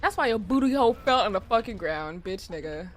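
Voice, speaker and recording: A young adult woman streaming a game, chatting casually with her viewers in animated, profane, slangy banter. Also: mid-range voice, a little fast, a little hiss or hum. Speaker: gaming streamer. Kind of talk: casual livestream chat while gaming.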